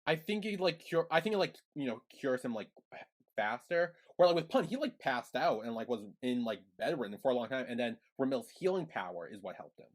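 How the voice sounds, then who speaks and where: A man co-hosting a podcast, recapping the plot in a relaxed way with many "like"s and quoted lines. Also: medium pitch, a little fast. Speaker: podcast co-host. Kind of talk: casual recap chat.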